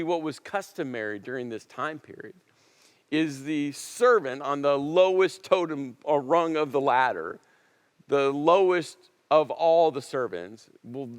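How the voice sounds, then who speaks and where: A man preaching a sermon as a pastor, telling a story with emphatic repetition and dramatic pauses. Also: mid-range voice, long reverb tail. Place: church auditorium.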